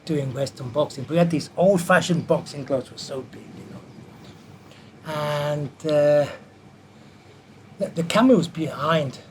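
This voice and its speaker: Animated male storyteller, slightly high voice. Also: measured pace, pauses often, a little hiss or hum. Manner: animated anecdote teller who acts out quotes. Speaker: martial artist and film stunt performer. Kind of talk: storytelling in an interview.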